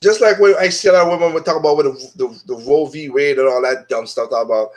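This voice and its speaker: Dude ranting casually on his own show, blunt and dismissive, kinda high voice. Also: fast talker, few pauses. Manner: blunt and dismissive, restarts often. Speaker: host of an opinion show. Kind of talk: casual opinion monologue.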